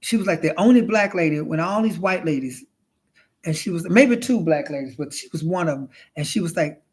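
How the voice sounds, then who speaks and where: A man's voice: on the high side, fairly quick, breathy edge. A man in a casual storytelling monologue, flamboyant and chatty, calling his listener honey and child, rambling with restarts and swearing as he goes.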